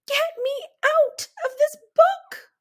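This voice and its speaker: A woman voicing a frightened young male bookmark, yelling in shrill panic in a storybook read-aloud. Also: takes it slowly. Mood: terrified.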